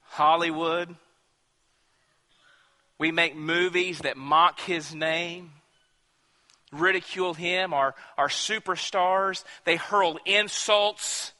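A man preaching a dramatic sermon, dropping to hushed tones and then rising into loud, emphatic bursts, in a large church. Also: high voice. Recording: long hall reverb.

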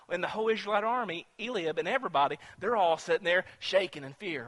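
A male preacher with a high, bright voice, telling the story in an animated sermon. He swings from hushed asides to emphatic points. The sound carries a long echo from a church hall. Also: fast, few pauses.

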